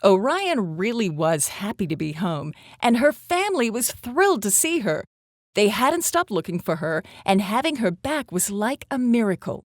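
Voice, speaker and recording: A woman reading a children's story aloud in an animated storytelling voice. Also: medium pitch, moderate pace, no room sound, clean studio sound. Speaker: storybook reader.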